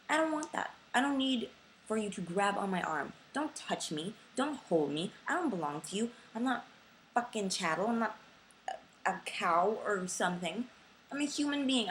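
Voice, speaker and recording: A woman's voice: lowish voice, low-quality recording. Young woman venting on her vlog, blunt and sweary, sore throat, little hiss behind her. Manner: frustrated, blunt, swears freely. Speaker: vlogger. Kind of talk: casual vlog rant.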